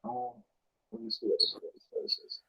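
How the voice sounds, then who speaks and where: A man casually talking through scripture. He reads verses aloud slowly, corrects himself often and keeps asking whether the listener follows. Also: very high-pitched, flat delivery, vocal fry, pushed and bright. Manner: rambling, self-correcting, often asks "you know what I'm saying?". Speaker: speaker discussing scripture. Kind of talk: casual religious talk, reading verses aloud. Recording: dull lo-fi recording.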